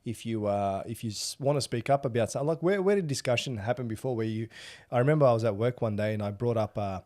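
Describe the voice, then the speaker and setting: A man hosting a podcast in casual conversation, talking in a rambling, halting way. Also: medium pitch, a little mellow. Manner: rambling, halting, many fillers and restarts. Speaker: podcast host.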